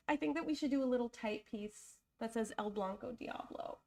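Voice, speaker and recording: A woman's voice: on the high side, moderate pace, gravelly, warm tone. A young woman, getting over a cold, hosting a live design stream in a casual, chatty way and thinking aloud with fillers and self-corrections. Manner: openly emotional and apologetic.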